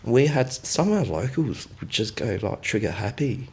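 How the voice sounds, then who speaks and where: A man's voice: medium pitch, big pitch swings, moderate pace, darkish tone. An Australian man telling war stories as a podcast guest, blunt and swearing freely as he acts out dialogue. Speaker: podcast guest, former military contractor. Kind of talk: casual storytelling.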